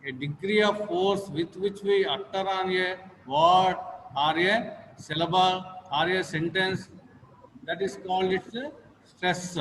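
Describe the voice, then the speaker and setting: A man with a high, fairly bright voice teaches English in an online class, repeating phrases over and over so his students can echo them in call-and-repeat drills. The recording has long reverb and faint noise.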